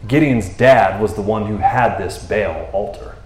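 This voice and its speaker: A man preaching in a casual, animated way, acting out the characters in the passage and laughing as he talks. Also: a little slow, roomy sound. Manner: animated, acts out characters with jumps in pitch, laughs often. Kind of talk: casual sermon.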